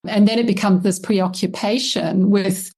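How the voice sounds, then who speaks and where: A middle-aged woman with an Australian accent speaks as an interview guest, laying out her points carefully. She explains at length and softens claims with small hedges as she goes. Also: medium pitch, fairly even intonation, normal speed. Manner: thoughtful, explanatory, hedges with "I guess". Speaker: historian and lexicographer guest. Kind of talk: conversational interview answers.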